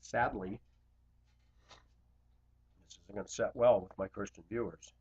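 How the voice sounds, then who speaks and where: A man speaking to camera in an impassioned confessional monologue, blunt and confrontational, swinging between loud outbursts and quiet asides. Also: low-pitched, fairly even intonation, a little fast, long pauses, breathy edge. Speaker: Christian video blogger. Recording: dull lo-fi recording.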